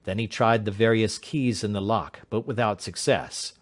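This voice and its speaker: A man giving a measured, dramatic audiobook narration. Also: lowish voice, fairly even intonation. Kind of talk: scripted narration.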